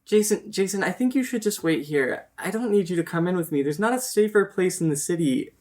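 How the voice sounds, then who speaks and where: Woman, player, in-character tabletop role-play, earnest, hesitant, lively intonation, lowish pitch. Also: a little fast.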